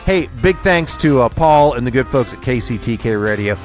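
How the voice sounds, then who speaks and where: A man from the Kansas City area hosting his own radio show, telling a personal story in an animated, chuckling way. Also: medium pitch, normal speed, faint music behind. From Kansas City area, USA. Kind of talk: solo storytelling monologue.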